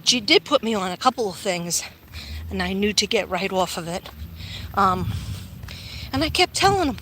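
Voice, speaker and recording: A woman's voice: mid-range voice, animated, moderate pace, pauses often, background noise. A woman vlogger telling a long personal story in a rambling, chatty way while walking outdoors, talking into a phone with many ums. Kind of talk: casual walking livestream chat.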